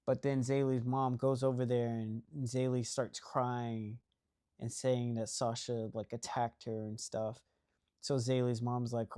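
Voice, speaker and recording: A man's voice: mid-range voice, level tone, unhurried, warm tone, clean tone. A young man casually recapping a movie plot, rambling and filling his talk with "like" and "right?". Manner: rambling, heavy use of "like" and "right?".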